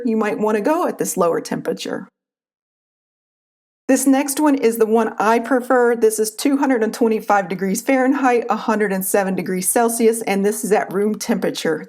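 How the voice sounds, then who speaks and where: A woman with an Appalachian accent, calmly explaining a recipe step by step as a cooking channel host. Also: on the high side. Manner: calm, instructive, homespun. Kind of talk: recipe tutorial voice-over.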